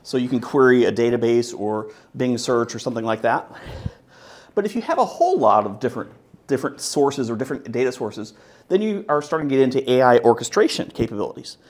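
A man's voice: medium pitch, very animated, brisk, darkish tone. A man giving a live talk at a tech meetup, upbeat and joking, with many fillers. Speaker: conference speaker. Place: meetup presentation room.

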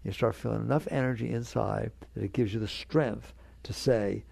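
A man's voice: lowish voice, fairly even intonation, brisk, creaky, hardly any pauses, warm tone, dry recording. A man giving a spiritual talk to an audience, earnest and conversational, coaxing his listeners along. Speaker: spiritual teacher.

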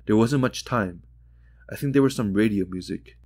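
A man's voice: fairly low pitch, normal speed, darkish tone. A man reading the part of a grieving father who speaks in a subdued, bewildered way. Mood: numb. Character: shaken, numbed grieving father.

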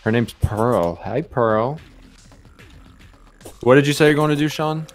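This is an excitable young man hosting a live game stream. He chats fast and loosely, jumping between the game and his viewers. There is faint music under his voice. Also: medium pitch. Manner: excitable, chatty, greets viewers rapidly. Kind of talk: casual live-stream chat.

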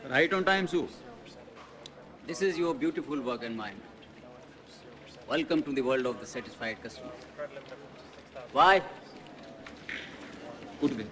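An actor playing an upbeat call center supervisor welcoming a new worker. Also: male voice, mid-range voice, expressive, a little slow, long pauses, sharp tone.

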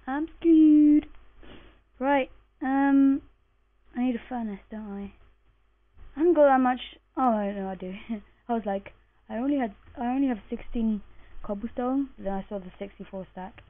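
A woman narrates her gaming session in a loose, chatty way, muttering and cursing under her breath. She sounds groggy and just woken up, and her slightly high voice comes through a thin, phone-like microphone. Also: fairly quick. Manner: chatty, mutters and swears to herself while playing. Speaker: gamer commentating her play. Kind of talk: casual let's-play commentary. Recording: tinny lo-fi mic.

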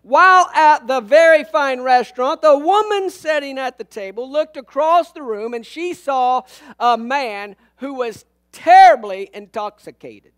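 A pastor preaches a humorous sermon in a church sanctuary, telling funny stories, cracking jokes, and acting out the lines of the people in them. His voice is extremely high-pitched and fairly bright, with lively intonation and a slightly slow pace.

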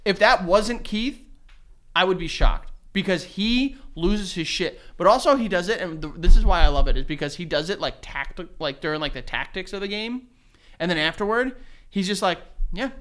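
A man's voice: sits high, normal speed. Guy on a podcast, storytelling, voice jumps all over, laughs a lot. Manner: animated storytelling, acts out quotes, laughs often. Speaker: podcast co-host. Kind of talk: casual chat.

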